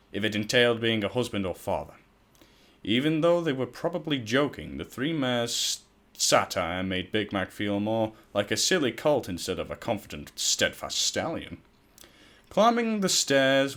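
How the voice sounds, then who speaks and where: Reading fan fiction aloud in a relaxed way, this man has a fairly low-pitched, slightly bright voice. He trips over words now and then and interrupts himself with swearing, self-deprecating comments.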